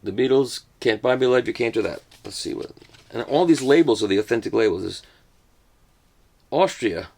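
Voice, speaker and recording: A man's voice: mid-range voice, fast talker, gravelly, darkish tone. An older man hosting a casual unboxing, rambling through each item with self-mocking jokes and asides. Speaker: host reviewing a record box set.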